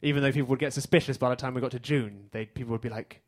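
An English man performing stand-up on a theater stage, his voice pitched at an ordinary middle level. He delivers his lines in a dry, deadpan way and lets each joke land flat. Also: very fast. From England. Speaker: stand-up comedian. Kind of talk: stand-up comedy set.

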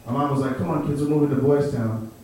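A young Chicago man performs stand-up at a comedy club, laid-back in his storytelling and laughing at his own jokes. His mid-range voice is dark in tone, fairly even and quick, with slight background noise in the roomy, distant recording.

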